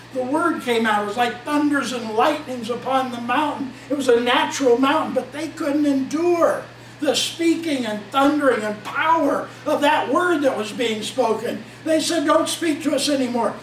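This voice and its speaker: A man with a very high voice preaches a fervent sermon, reading long passages of scripture aloud. He stands some way back from the microphone, and the room around him rings with echo. A faint hum sits underneath. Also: a bit bright. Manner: fervent, quotes scripture at length. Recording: echoey room, mic at a distance.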